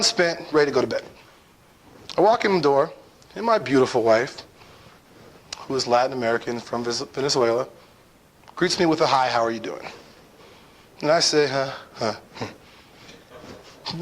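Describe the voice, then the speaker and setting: A young man with a slightly high, very lively voice tells a story to an audience. He is playful and animated, acting out his own lines and often stopping to ask "right?" His pitch swings up and down a lot as he talks. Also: rough recording. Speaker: speaker telling a personal lesson.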